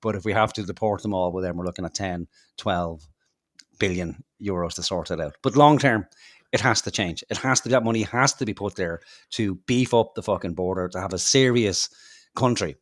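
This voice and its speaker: A low-pitched Irish man, heated and foul-mouthed as he rants about politics on his podcast. His delivery is sarcastic and mocking, and the recording is dry and close, with almost no room sound. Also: brisk, dry recording. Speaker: podcast co-host. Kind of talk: casual political rant.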